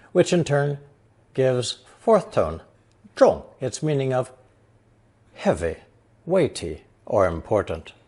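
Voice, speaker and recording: A man narrating a scripted language lesson, explaining slowly and carefully and reading example sentences aloud. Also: on the low side. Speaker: language teacher.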